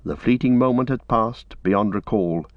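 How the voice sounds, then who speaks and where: Brief: male audiobook narrator, measured storytelling, low voice, dry muffled lo-fi sound. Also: no echo. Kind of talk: scripted narration. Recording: dull lo-fi recording.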